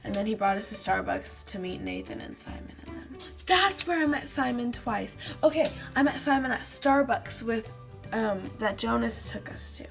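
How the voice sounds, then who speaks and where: A woman's voice: fairly high pitch, lively intonation, moderate pace, vocal fry, music in the background. A woman vlogger chatting casually to camera, rambling with lots of fillers. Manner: rambling, fillers of "like", acts out quotes.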